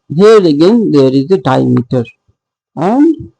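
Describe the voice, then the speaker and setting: A man giving a slow, halting lecture on poetic meter in a gravelly, husky voice. He pauses often on fillers and asks his listeners questions that he answers himself. The sound is dry and close. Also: fairly high pitch, very animated, warm tone, no echo, low-quality recording. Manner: hesitant, with frequent fillers and self-corrections. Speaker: literature teacher.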